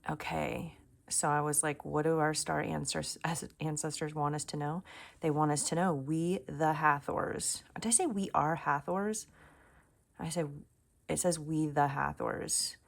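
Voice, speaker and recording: A woman with a low voice and a gravelly, fry-laden texture gives a casual tarot reading at home. She muses aloud in a chatty way and often slips into a soft near-whisper, and she sometimes turns away from the camera mic. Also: little pitch movement, normal speed. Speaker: tarot reader. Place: home room.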